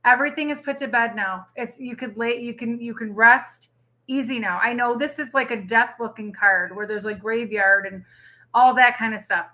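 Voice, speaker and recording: A woman's voice: on the high side, normal speed, bright, forceful tone. A young woman giving a live tarot reading, chatty and emotional, rambling with lots of fillers. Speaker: tarot reader.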